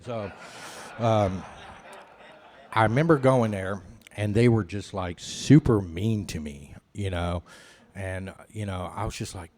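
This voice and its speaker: A man with a deep, slightly mellow voice speaks at normal speed as he tells his recovery story at an AA meeting. He's candid and self-mocking, rambling along with plenty of "you know" fillers.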